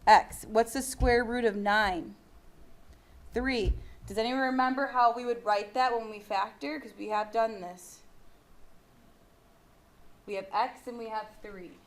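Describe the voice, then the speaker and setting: A woman's voice: fairly high pitch, measured pace, pauses often. A woman teaching a math lesson to a class in a patient, encouraging and casual way.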